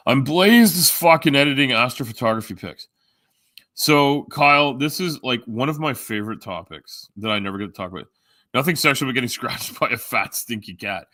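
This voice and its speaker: A man's voice: mid-range voice, lively intonation, normal speed, pushed and bright, dry recording, clean studio sound. A Canadian man hosting a live stream, chatting casually with viewers in a rambling, joking, profane way. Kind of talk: casual chat reading viewer comments.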